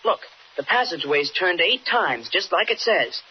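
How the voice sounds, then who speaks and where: An actor playing an eager, excitable teenage boy reporter in a 1940s radio drama. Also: high voice, normal speed. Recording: dull old radio recording with faint hiss.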